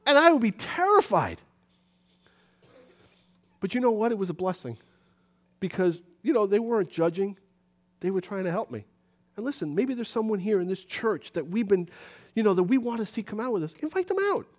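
A man's voice: brisk, pauses often. A man from New City, preaching a sermon in a church and acting out little conversations as he goes. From New York City. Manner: animated, acts out conversations with rising pitch.

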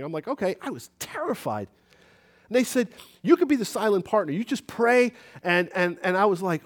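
A high-voiced man preaches a lively church sermon. He swings his voice up when he plays out little scenes of talking to people. His pitch sits well above most men's. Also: moderate pace. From New York City. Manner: animated, acts out conversations with rising pitch.

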